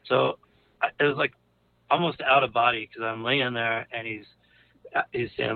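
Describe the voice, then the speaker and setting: A man's voice: mid-range voice, fairly even intonation, normal speed, vocal fry. A man casually telling a personal story, rambling with lots of fillers and restarts. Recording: narrow phone-like audio.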